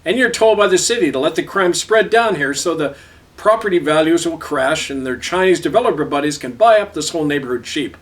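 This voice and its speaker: A man's voice: a little high, animated, brisk, voice pushed up, close to an everyday voice. A man voicing an aged Cree street elder who speaks bluntly and matter-of-factly, heard from a distant mic.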